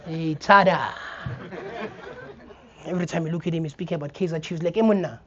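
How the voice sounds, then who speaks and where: Young south african guy doing stand-up on a theater stage, lively storytelling, kinda muffled recording. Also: on the high side. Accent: South African English. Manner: animated storytelling, acts out scenes. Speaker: stand-up comedian. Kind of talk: stand-up comedy set.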